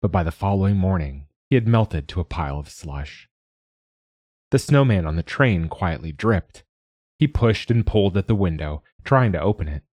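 Deep husky man reading a storybook. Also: a little mellow, no echo. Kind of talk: storybook narration.

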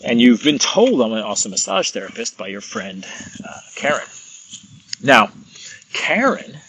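A man's voice: fairly low pitch, background noise. A man who works as a massage therapist, talking in a casual, rambling monologue and illustrating his points with examples and stories.

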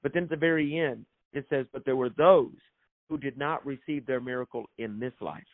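A man's voice: mid-range voice, fairly quick, no room sound. A man, an author and minister, telling his faith story as a guest in an emphatic, preacherly way and repeating phrases for effect. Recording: thin phone-like sound, dry.

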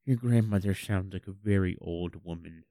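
Male comedy co-host, slightly low voice, deadpan and mock-serious, dry studio sound. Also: moderate pace, no echo. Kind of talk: absurdist comedy radio chat.

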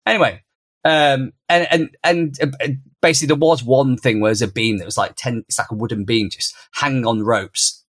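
Animated dad telling a story. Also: male voice, normal speed, no echo. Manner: animated, acts out quoted lines in a much higher voice. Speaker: podcast co-host and father. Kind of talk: casual conversational storytelling.

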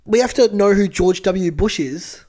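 A man's voice: high-pitched, unhurried, dark tone. A young Australian man co-hosting a podcast, making dry, wry jokes in casual chat. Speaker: podcast co-host.

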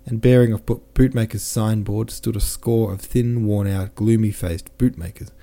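A man narrates a classic novel in a measured, careful reading, pausing to correct the odd slip. His voice is low and strikingly dark and mellow. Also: fairly even intonation, gravelly. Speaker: audiobook narrator.

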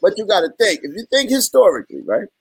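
A man's voice: high voice, fast talker, background noise. A man from Brooklyn with a New York accent, chatting casually and animatedly in slang as a podcast co-host. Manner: animated, slangy, slips into mimicry. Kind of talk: casual chat.

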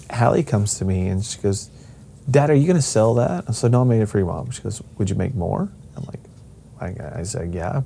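A man's voice: on the low side, vocal fry, warm tone, a little hiss or hum. A middle-aged man telling a personal family story in a casual way, rambling with restarts and acting out the voices of the people he quotes.

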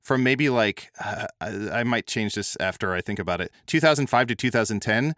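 A man from the United States co-hosting a film podcast in relaxed casual chat, laughing often. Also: lowish voice, brisk, no room sound, clean studio sound. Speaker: podcast co-host.

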